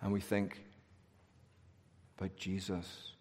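A man's voice: low-pitched, monotone, slow. Earnest male preacher in a reverberant hall. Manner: earnest, swelling to emphatic peaks, then hushed in prayer. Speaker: pastor. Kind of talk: sermon. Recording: long reverb of a large hall.

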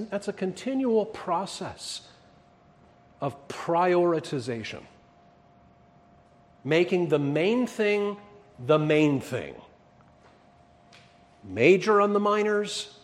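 A man preaching a sermon in a church, emphatic and then dropping to quiet asides. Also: high-pitched, big pitch swings, slow. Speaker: pastor.

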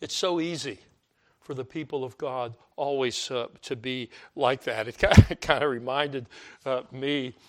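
A man's voice: mid-range voice, fairly even intonation, a little slow, a bit bright. An older man preaching a conversational sermon, repeating words for emphasis and mimicking complaining voices.

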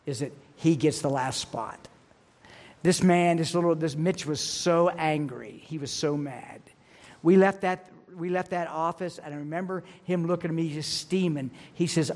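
A male pastor with a fairly high voice preaches earnestly, leaning on personal stories and repeating his main points. His words ring out with a long reverb, as from a large church sanctuary. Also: moderate pace. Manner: earnest storytelling, repeats key lines. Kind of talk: sermon.

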